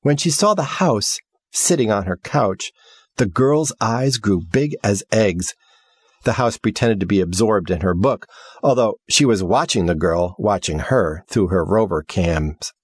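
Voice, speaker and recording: Husky, low-voiced male story narrator. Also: expressive, unhurried, dry recording, studio quality. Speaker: audiobook narrator. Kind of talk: scripted narration.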